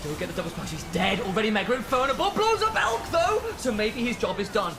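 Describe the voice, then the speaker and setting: A man doing live esports play-by-play commentary, dramatic and building to shouted calls. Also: sits high, big pitch swings, quick pace, gravelly, background noise.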